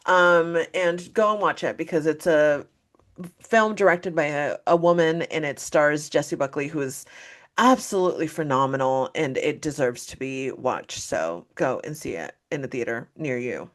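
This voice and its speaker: Gushing, animated woman podcast co-host. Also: low voice, normal speed. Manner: animated, gushing, swears freely. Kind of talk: casual pop culture chat.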